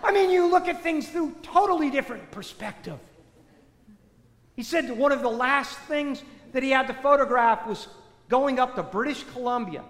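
A man preaching a storytelling sermon, animated, swinging between loud bursts and hushed, low passages. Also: moderate pace. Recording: echoey hall with long reverb.

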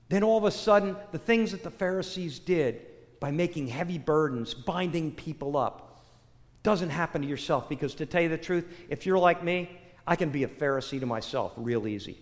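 An older man preaching a sermon, telling a personal story with animated swings between loud bursts and hushed, quiet lines. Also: mid-range voice. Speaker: pastor. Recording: long reverb of a large hall.

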